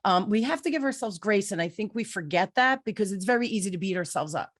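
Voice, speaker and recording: A woman's voice: mid-range voice, expressive, fast, no room sound, studio quality. A woman hosting a podcast interview, telling stories with enthusiasm and exclaiming freely. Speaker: podcast host. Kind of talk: casual interview chat.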